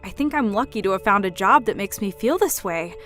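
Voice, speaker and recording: A woman's voice: mid-range voice, expressive, fairly quick, a bit bright, soft background music, lightly acted. A woman voicing a young career woman who answers her mother politely but firmly. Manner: polite but firm, standing her ground.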